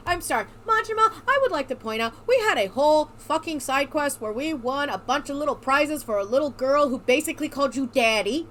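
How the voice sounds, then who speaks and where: A young woman gives casual gameplay commentary, excitable, sarcastic and swearing freely. Her voice is high with big swings in pitch. A faint hum sits behind her. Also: fairly quick, few pauses. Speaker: let's play streamer.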